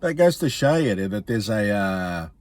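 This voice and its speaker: A man's voice: fairly low pitch, big pitch swings, a little slow, a little mellow, no echo. A man, a comedian ranting bluntly and swearing often, repeating his points for emphasis. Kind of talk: profane comic rant.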